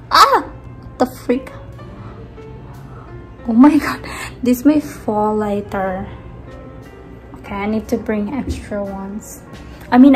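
A young woman from the Philippines vlogging casually at home, rambling and chatty, often trailing off softly. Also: fairly high pitch. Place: indoors at home.

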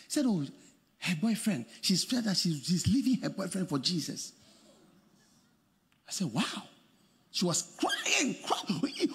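A man preaching a sermon as pastor, swinging between shouted, sung phrases and quiet storytelling. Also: sits high, moderate pace, long pauses, in a large hall, slight background noise. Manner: animated preaching, shouting and laughing.

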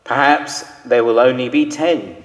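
A man's voice: medium pitch, unhurried, close to an everyday voice. A man reading the part of a patriarch who pleads humbly and earnestly with God, in a church. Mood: pleading. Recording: reverberant church hall.

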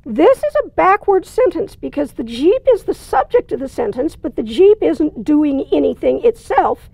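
A woman's voice: sits high, very animated, normal speed, creaky, mellow, dry recording. A woman teaching a writing lesson, explaining in a plain, conversational way with dry asides. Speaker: writing instructor. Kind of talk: recorded lecture.

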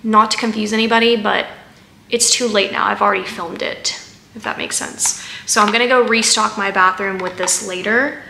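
A woman's voice: medium pitch, fairly even intonation, normal speed, gravelly, sharp tone, reverberant, slight background noise. A woman chatting casually through a haul vlog, rambling with fillers and asides as she sorts items. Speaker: haul vlogger.

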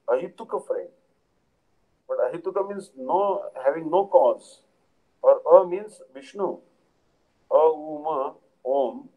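A man's voice: a little high, phone-quality sound. A man giving a devotional lecture, explaining patiently and often checking in with "Understand?". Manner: repeatedly asks "Understand?" to listeners; unhurried, explanatory, with frequent fillers. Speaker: spiritual teacher.

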